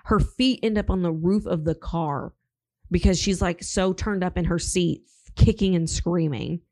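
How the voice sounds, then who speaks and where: A young woman co-hosts a podcast, talking in an easy, rambling way full of fillers and restarts. Her voice sits a little low and carries a gravelly fry. The sound is close and dry. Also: measured pace, a little mellow, no echo. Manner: chatty, filler-heavy, restarts sentences. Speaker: podcast co-host. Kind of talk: casual chat.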